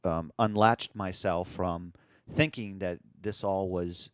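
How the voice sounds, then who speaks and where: A man co-hosting a casual radio talk show, chatting in an animated, joking way with frequent restarts. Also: sits low, slow, clean tone, no room sound, clean studio sound. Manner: animated, jokey, puts on voices in quotes. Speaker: podcast co-host. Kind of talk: casual conversation.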